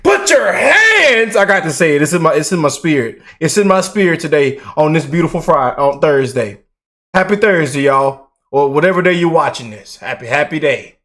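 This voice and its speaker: A man hosts a casual political reaction show in a slightly high voice. He is animated and mocking, with loose slang and plenty of repeated words. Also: a little fast. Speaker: political commentary host.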